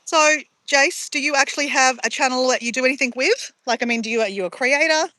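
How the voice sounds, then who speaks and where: A woman's voice: high voice, quick pace, pushed and bright, no room sound, low-quality recording. Bubbly Australian woman live streaming. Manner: chatty, bubbly, reacting to viewers. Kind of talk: casual live-stream chat.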